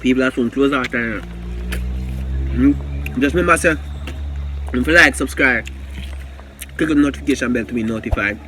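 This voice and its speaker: A man's voice: mid-range voice, normal speed, long pauses, sharp tone, a little hiss or hum. A man with a Jamaican accent hosting a casual mukbang vlog, playful and calling out to his viewers. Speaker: vlog host.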